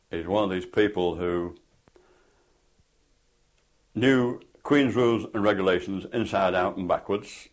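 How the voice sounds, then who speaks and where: An older man telling rambling anecdotes with many fillers in an oral history interview. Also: low voice. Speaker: interviewee, former parachute instructor. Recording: dull lo-fi tape recording.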